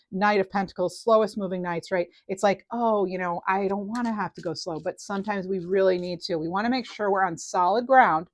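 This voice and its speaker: A woman's voice: medium pitch, dry recording. Chatty woman tarot reader, dry close sound. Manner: chatty, animated, with many fillers and restarts. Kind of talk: casual tarot reading to camera.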